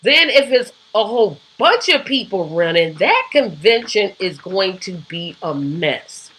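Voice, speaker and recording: A woman's voice: mid-range voice, sing-song, measured pace, a bit bright, husky, low-quality recording. A woman hosting a live show, giving casual, opinionated political commentary with frequent ums and rhetorical asides.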